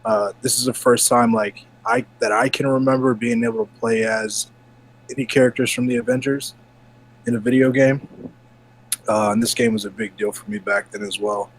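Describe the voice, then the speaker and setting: A man co-hosting a casual gaming podcast, talking in a relaxed, chatty way while bothered by hiccups. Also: medium pitch, moderate pace, poor audio. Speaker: podcast co-host.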